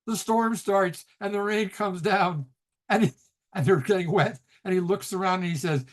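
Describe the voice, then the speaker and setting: Chatty middle-aged rabbi teaching over a call. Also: male voice, high voice, unhurried, long pauses. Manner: chatty storyteller, laughs often, restarts sentences. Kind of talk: casual lecture on a video call. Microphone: video call.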